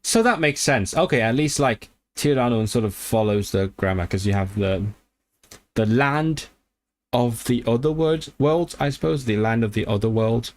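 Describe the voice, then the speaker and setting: A man chatting casually on a livestream about learning languages, thinking aloud with lots of restarts and quick bursts of excitement. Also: medium pitch.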